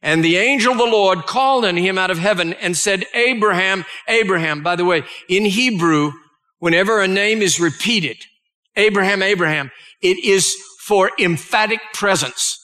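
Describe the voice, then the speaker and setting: A man's voice: sits high, normal speed, sharp tone. A male pastor preaching a sermon, reading scripture aloud and stopping to explain it and to pray.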